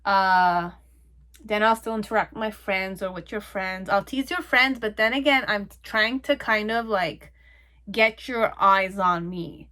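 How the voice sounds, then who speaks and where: A young woman talks through a pick-a-card tarot reading in a loose, rambling way. Her voice sits at an ordinary middle pitch, and she keeps checking in with the listener as she goes. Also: a little slow, sharp tone. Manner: rambling and chatty, with frequent "okay?" and "like". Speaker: tarot reader.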